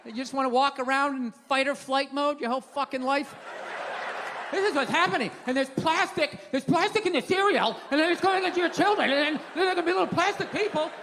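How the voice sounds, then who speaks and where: A man doing a stand-up comedy set on stage, ranting and swearing and shouting his punchlines. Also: very high voice, fairly quick. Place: live comedy venue stage. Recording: reverberant live hall with crowd noise. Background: audience laughter.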